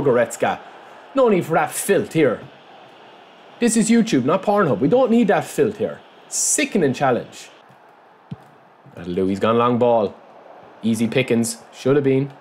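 A man's voice: mid-range voice, a little slow, pauses often, slight background noise. A man commentating casually on his own football video game match, chatting to viewers and yelping at big moments. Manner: excitable, yelps and shouts at goals, chatty asides to viewers. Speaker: gameplay commentator. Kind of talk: casual let's-play commentary.

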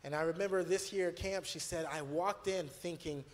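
Earnest male youth pastor, slightly raised pitch, storytelling, recorded in a reverberant room. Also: moderate pace, a little hiss or hum. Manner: earnest, storytelling, many fillers and restarts. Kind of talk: church video conversation.

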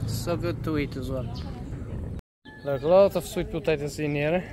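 A man with a slightly high voice gives a cheerful walking tour of his farm, keeping his talk going with a questioning "eh?". He is recorded outdoors, with rooster crows and bird calls clearly heard around him. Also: normal speed. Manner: enthusiastic, tags sentences with "eh?". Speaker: vlogger showing his farm. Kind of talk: casual vlog tour. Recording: outdoor farm noise behind. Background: chickens, roosters and birds.

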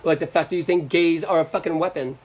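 On his live stream, a young man from Florida delivers a fast, angry political rant packed with swearing and sarcasm, in a combative manner. His voice is on the high side, and his intonation stays fairly even.

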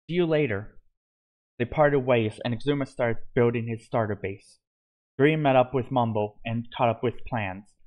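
Guy reading his fan story out loud, steady, mid-pitched, trips on a word now and then. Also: normal speed, muffled recording. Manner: steady reading with small slips and restarts. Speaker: narrator.

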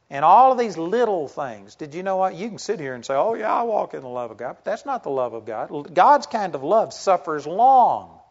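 A male pastor preaching to a congregation in a conversational sermon style, full of rhetorical questions and personal stories. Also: a little high. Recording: dull lo-fi sound.

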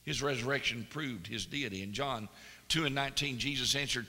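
Male preacher, bright tone, church hall reverb, shifts from hushed to excited. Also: medium pitch. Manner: swings from hushed, slow emphasis to loud, excited storytelling. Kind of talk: sermon. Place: church sanctuary.

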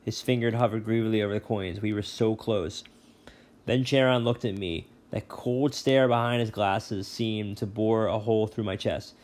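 A male teacher reading a novel chapter aloud, relaxed, with brief asides and self-corrections. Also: fairly low pitch, normal speed.

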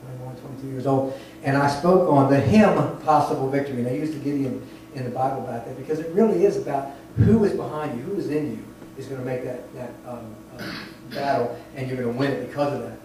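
The echoey church hall, distant mic and faint noise frame a man delivering a sermon from the sanctuary. His voice is mid-range, quick and dark, and he tells stories casually, laughing and starting over at times.

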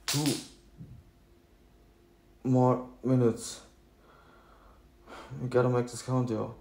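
Young male vlogger, slangy and profane, slow delivery, faint background hiss. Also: mid-range voice, little pitch movement, creaky, a little mellow. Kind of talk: casual rambling chat. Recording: echoey room with faint noise.

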